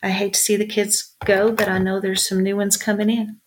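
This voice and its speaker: A woman's voice: mid-range voice, level tone, a little fast. Chatty middle-aged woman telling stories. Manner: chatty, warm storyteller with many fillers. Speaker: ranch owner and bar owner, guest. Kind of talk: casual interview storytelling.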